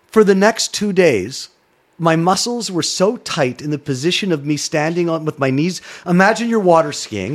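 A middle-aged man from Canada, a former sports broadcaster, telling a story in a casual chat, animated and swearing freely. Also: on the high side, normal speed. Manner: animated, swearing, acts out voices in his stories.

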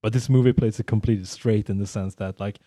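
A man's voice: lowish voice, fast, no echo, clean studio sound. A man co-hosting a film podcast, rambling through his points with many restarts. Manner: rambling, restarts often, animated when making a point. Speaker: podcast co-host. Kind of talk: casual film discussion.

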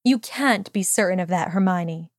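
A woman voicing a strict older headmistress who speaks in a measured, wise and firm way, in an audiobook reading of fan fiction. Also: fairly low pitch, no room sound, studio quality, close to an everyday voice. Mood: stern.

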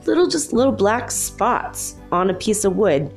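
A woman in her fifties, telling a childhood story in an animated, confiding way. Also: medium pitch, unhurried, gravelly, soft background music. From Los Angeles, USA. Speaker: spiritual speaker. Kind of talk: storytelling monologue.

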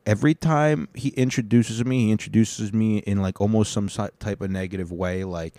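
A man's voice: on the low side, brisk, few pauses, mellow, dry recording. A young man, a comedian, casually rambling through a profane, boastful recap of his week. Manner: profane, digressive, swaggering.

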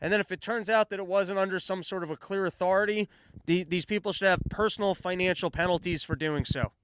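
A man's voice: high voice, fairly even intonation, quick pace, fairly bright tone, slight background noise. A man hosting his own show, commenting on the news in a sarcastic, profane rant. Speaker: podcast host.

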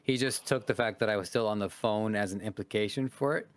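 A man hosting a podcast, telling stories in a casual, deadpan way and acting out the people in them. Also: lowish voice, fairly quick, no echo. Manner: deadpan storyteller, acts out phone calls. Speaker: podcast host.

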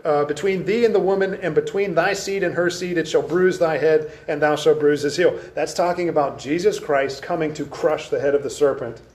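A man teaching an adult Sunday school class, reading scripture aloud and slowing down to stress key words. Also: on the high side. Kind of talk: Bible lesson to an adult class. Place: church classroom.

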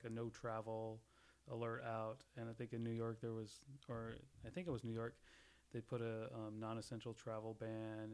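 A man's voice: mid-range voice, smooth. A man in casual podcast chat, rambling through jokey theories with frequent laughs and restarts.

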